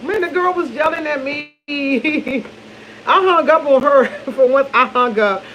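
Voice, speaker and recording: A woman's voice: sits high, measured pace, a bit bright, slight background noise, poor audio. A woman chatting over morning coffee to her viewers, rambling and laughing, often losing her train of thought. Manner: loose and chatty, speaks to viewers as y'all. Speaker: vlogger. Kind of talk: casual morning chat to camera.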